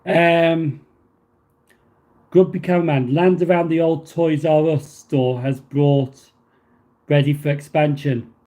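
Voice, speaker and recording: A man with a slightly high, mellow voice hosts a casual livestream, keeping a steady tone, going slowly and pausing often. Reading viewer messages aloud, he answers them rambling, filling gaps with fillers and restarting often.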